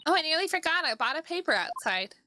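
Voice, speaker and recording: A woman's voice: sits high, very animated, fast, background noise, pitched above the performer's own voice. A woman voicing a cheerful, bubbly young girl, reading game lines in a lilting, upbeat way over background music.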